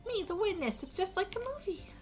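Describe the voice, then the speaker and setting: Coy teasing young witness, super high, bouncy sing-song, game music faint underneath. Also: female voice, big pitch swings, a little fast. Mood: mocking. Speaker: streamer voicing game dialogue.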